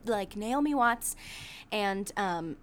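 A woman's voice: medium pitch, lively intonation, takes it slowly, fairly bright tone. A woman in a casual chat about a film, rambling with lots of fillers and laughing often.

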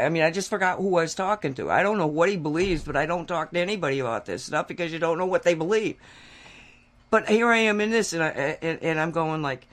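Man, higher voice, casual storyteller, animated, rambling with restarts. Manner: animated, getting louder and higher when worked up; rambling with restarts and acted quotes. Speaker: talk show co-host.

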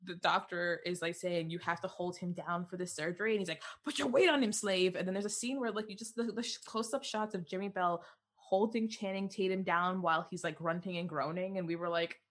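A young adult woman co-hosting a podcast in casual chat, animated and quick to laugh, with plenty of fillers. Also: on the low side. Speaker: podcast co-host.

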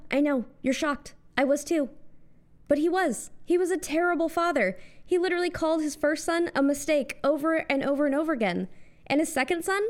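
A young woman with an American accent delivers a scripted comic monologue in a high, bright-toned voice. She lands sarcastic asides with punchy timing, swinging her tone up and down for effect. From United States. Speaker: host.

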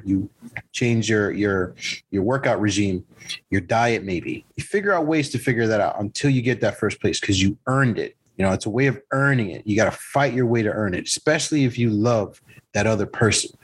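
A man with a low, husky voice shares his thoughts on an advice podcast. He talks plainly and thoughtfully and often restarts his sentences. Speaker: podcast co-host giving advice. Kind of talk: casual advice chat.

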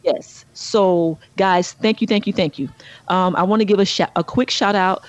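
A middle-aged woman co-hosting a casual chat show, telling stories animatedly and jumping to high exclamations. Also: steady tone, normal speed, dry recording, muffled recording. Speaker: podcast co-host.

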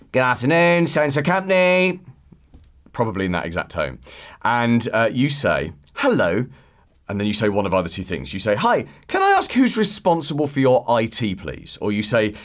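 A man hosting a solo podcast, talking casually and acting out phone calls in quick put-on voices. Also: mid-range voice. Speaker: podcast host.

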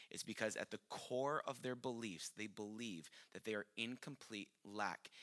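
A man preaching a sermon, passionate and building to shouts before easing into conversational teaching. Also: fairly low pitch. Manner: impassioned, rising to shouts then dropping to conversational teaching.

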